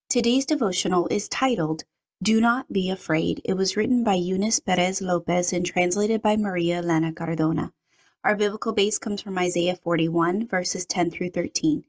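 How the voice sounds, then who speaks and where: A woman reading a devotional and giving commentary, praying and reading scripture in an earnest, measured way. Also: fairly low pitch.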